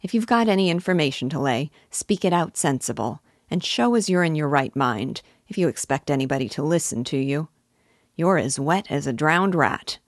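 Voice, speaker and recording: A woman voicing a firm, brisk village innkeeper giving orders. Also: sits low, expressive, no echo, studio quality. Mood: commanding. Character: firm village innkeeper man, middle-aged.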